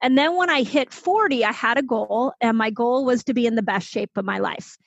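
A woman in her fifties with a fairly high voice shares her story as an interview guest, animated and chatty. The recording is dry, with a slightly dull, muffled tone. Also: vocal fry, no echo. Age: 50s. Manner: animated, quick to act out quoted voices. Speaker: guest, health expert. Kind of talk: conversational storytelling.

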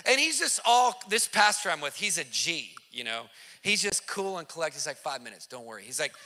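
A man recounts a testimony in a lively, emphatic storytelling style. His voice sits high and comes out very forceful and sharp. He repeats phrases for effect and slips into casual slang. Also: normal speed. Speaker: Christian activist telling a testimony.

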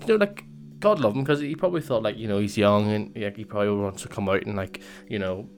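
A man's voice: lowish voice, fast. A young man casually telling a personal story, rambling with lots of fillers and restarts. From Northern Ireland.

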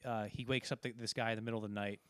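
A man's voice: lowish voice, steady tone, racing, fairly bright tone, clean tone, no room sound. A man casually talking through a film, rambling and acting out quoted lines as he retells scenes. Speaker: podcast co-host.

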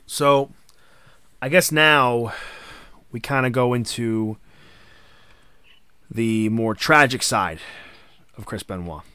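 A man's voice: mid-range voice, slow, long pauses, bright, forceful tone, smooth, no room sound. A man hosting a casual podcast chat, recounting wrestling history partly from notes. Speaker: podcast host.

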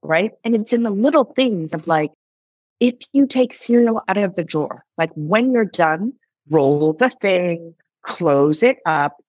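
A woman in her thirties talks through her story as a guest in an interview. Her voice sits fairly low but leaps up and down with lively expression. She acts out her own past lines, and the sound is dry, with no room echo. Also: a little slow. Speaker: founder and CEO, interview guest. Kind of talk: conversational interview.

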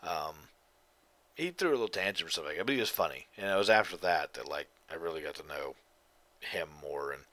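A man's voice: deep voice, lively intonation, quick pace, sharp tone, no echo. A tired man hosting a podcast on his own, talking in a rambling, profane and emphatic way and yawning now and then. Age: adult. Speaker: podcast host. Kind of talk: casual solo monologue.

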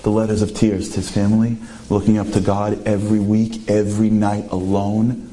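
A man telling a story in a sermon, animated and full of rhetorical questions. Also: on the low side, moderate pace, few pauses, a little hiss or hum.

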